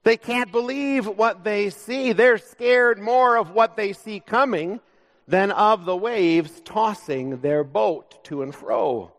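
A male pastor preaching a sermon in a church, speaking in a measured, conversational way with light humor. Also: high-pitched. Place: church sanctuary. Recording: long reverb of a large church.

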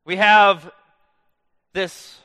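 A man in his thirties preaching a sermon in a church, telling stories in a lively way and letting phrase ends fall away soft and low. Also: drawn-out words, smooth, no echo, lo-fi sound. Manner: animated storytelling with dramatic soft drops at phrase ends. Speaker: pastor.

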